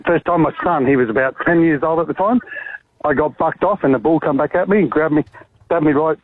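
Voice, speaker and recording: An Australian man on a tinny phone line tells his story in a flat, matter-of-fact way, talking quickly and plainly. The call sounds thin and boxed in, with a dry, close feel. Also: on the high side, breathy edge, dry recording. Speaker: caller.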